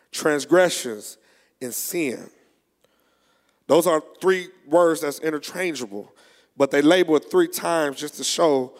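A male preacher delivering a sermon, reading scripture slowly and preaching with rising fervor. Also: fairly high pitch. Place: church. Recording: long echo of a large hall.

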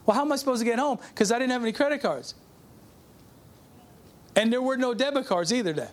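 Middle-aged pastor guy, high voice, chatty sermon, keeps saying come on to the crowd. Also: quick pace. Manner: conversational, calls out to the congregation. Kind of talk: sermon with personal testimony.

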